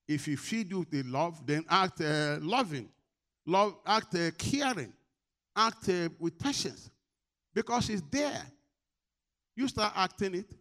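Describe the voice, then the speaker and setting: This sermon comes from a man whose voice sits on the high side. He alternates between loud and quiet passages while questioning the congregation and supplying the answers.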